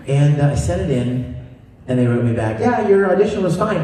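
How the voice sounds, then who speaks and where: A voice actor tells stories at a convention Q&A panel, animated and laughing, in a slightly high voice at a moderate pace. It's a distant fan recording from a large, echoey convention hall, with the audience laughing in the background.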